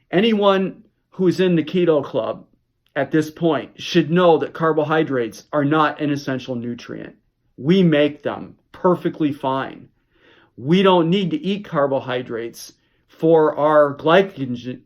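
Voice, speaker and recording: A man's voice: on the high side, takes it slowly, lo-fi sound. Man telling a story to camera. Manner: rambling anecdote with frequent restarts. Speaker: health vlogger. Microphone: camera mic.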